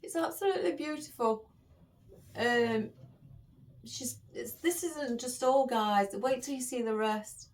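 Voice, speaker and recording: A woman's voice: on the high side, takes it slowly. A woman florist chatting to her viewers in a casual vlog, emotional and holding back tears. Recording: voice a bit far from the mic.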